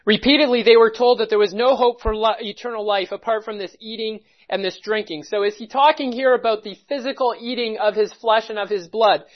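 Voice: mid-range voice, fairly quick, few pauses. Emphatic preacher teaching verse by verse. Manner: emphatic, methodical, stops to stress key words. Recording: dull lo-fi recording.

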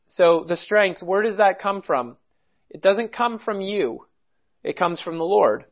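A man preaching a measured expository sermon, reading and explaining scripture with pauses. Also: high-pitched, expressive, highs cut off. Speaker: pastor.

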